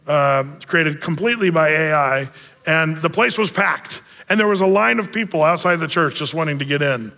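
A man's voice: a little high, sharp tone, big-room sound. A male pastor delivering a conversational sermon, speaking with frequent fillers and restarts.

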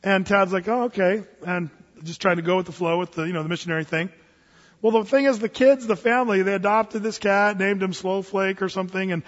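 Male pastor, high-pitched, storytelling sermon style, dull recording with long hall reverb. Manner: storytelling with humor, many restarts, sudden loud bursts.

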